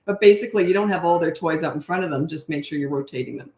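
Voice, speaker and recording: A middle-aged woman with a lowish voice talks casually on a live stream as a parenting coach. She is chatty and blunt, laughs easily, and sounds like she is in an echoey room. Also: fast talker, mellow. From Canada. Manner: chatty, laughs often, blunt no-nonsense advice.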